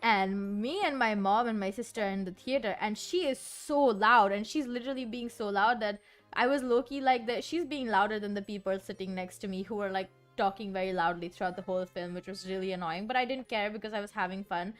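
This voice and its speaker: A woman's voice: mid-range voice, a little fast. A young woman streamer chatting casually and rambling, often giggling and saying "like". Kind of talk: casual chat while composing music. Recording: faint background music. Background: soft background music.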